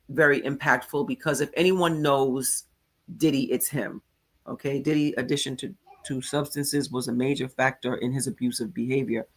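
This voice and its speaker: A woman hosting a casual commentary show, recapping events in a chatty way and often checking in with her viewers. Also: deep voice. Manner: chatty, recounts quotes, frequent "okay?" checks. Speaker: commentary channel host. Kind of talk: casual live commentary on a court case.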